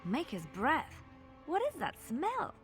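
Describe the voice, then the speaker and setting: A woman game companion, high lively voice, exclaiming, faint music behind. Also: slow, exaggerated voice. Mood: disgusted. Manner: exclamatory, disgusted remarks. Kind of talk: video game voice acting.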